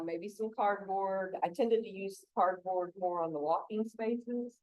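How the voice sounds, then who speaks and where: A woman's voice: on the low side, dark tone, dry recording. A middle-aged woman giving a casual gardening talk, chatty and laughing often between stories. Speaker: gardening instructor.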